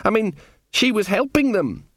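A man's voice: high-pitched, sing-song, moderate pace, fairly bright tone, dry recording, clean studio sound, pitched above the performer's own voice, exaggerated voice. A man voicing a nervous, injured young man who hesitates and stammers.

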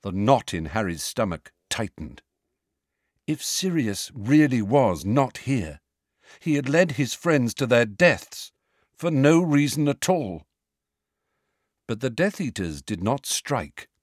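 A man reading a fantasy novel aloud as narrator, measured and dramatic. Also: mid-range voice, big pitch swings, no room sound, studio quality. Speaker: audiobook narrator. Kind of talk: scripted narration.

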